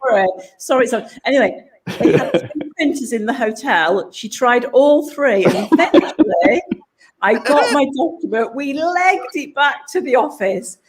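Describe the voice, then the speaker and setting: A woman guest telling an animated, self-mocking anecdote in casual chat. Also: sits high, moderate pace. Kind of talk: casual storytelling.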